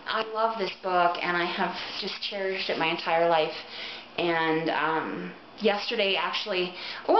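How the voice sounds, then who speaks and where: A woman with a lowish voice records a casual book recommendation vlog, gushing earnestly about books she loves with plenty of ums. The lo-fi webcam audio is roomy and dull, with slight background noise.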